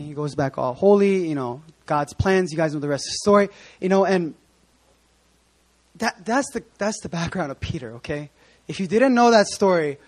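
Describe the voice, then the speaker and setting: A man preaching a casual sermon, chatty and joking with many asides. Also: high-pitched. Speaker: pastor.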